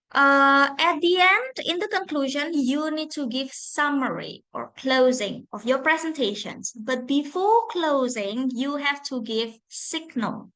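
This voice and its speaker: A woman English lecturer with an Indonesian accent, teaching presentation phrases in an online lesson, deliberate and repeating each example. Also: sits high, sharp tone.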